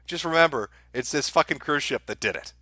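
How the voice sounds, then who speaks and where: A middle-aged man hosting a live stream, his voice bright and forceful. He talks to his chat in a crude, mocking, deadpan way. The sound is dry and close on a desk mic. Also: a little high, fairly quick, dry recording. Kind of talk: sardonic live-stream commentary.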